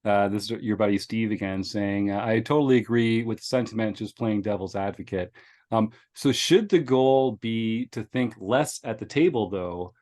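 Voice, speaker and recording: A man's voice: lowish voice, darkish tone. A man hosting a podcast, chatting in a friendly, affirming way and reading out viewer questions. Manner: friendly, affirming, lots of mm-hmms. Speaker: podcast host. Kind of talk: casual podcast chat.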